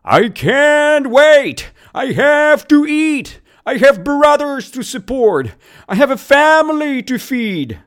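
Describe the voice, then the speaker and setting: A teacher voicing a hungry, desperate male kangaroo who yells that he must feed his family. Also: high-pitched, big pitch swings, voice pushed up, full character voice. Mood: desperate yelling. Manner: loud pleading yell, drawn-out words.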